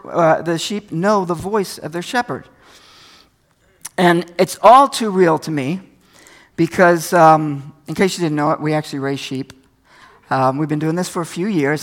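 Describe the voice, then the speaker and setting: An older man with a fairly high voice gives a sermon. His delivery is folksy and conversational, mixing stories from home with scripture. He sounds a little tired. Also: a bit bright. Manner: folksy, conversational preaching with anecdotes. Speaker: pastor.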